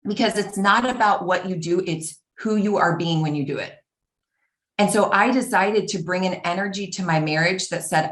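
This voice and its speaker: A woman giving an earnest, animated personal talk, acting out the voices of the people she quotes. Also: on the low side, normal speed. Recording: roomy echo.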